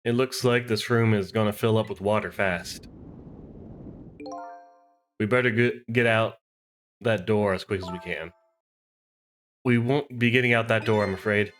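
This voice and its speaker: A man voicing a calm, steady grown man in a video game, with a matter-of-fact way of explaining. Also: fairly low pitch, measured pace, long pauses, soft background music.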